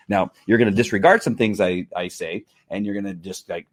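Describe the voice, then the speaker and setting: A man's voice: lowish voice, a little fast, hardly any pauses, no room sound, studio quality. Candid rambling man in his fifties. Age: 50s. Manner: candid rambling, frequent fillers and restarts. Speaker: host. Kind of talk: casual livestream talk.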